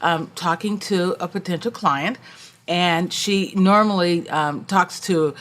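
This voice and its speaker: A woman executive coach appearing as a podcast guest, telling lively anecdotes and acting out the voices of people she met. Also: fairly low pitch, takes it slowly. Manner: storytelling, acts out quoted voices, warm and animated. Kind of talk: conversational interview.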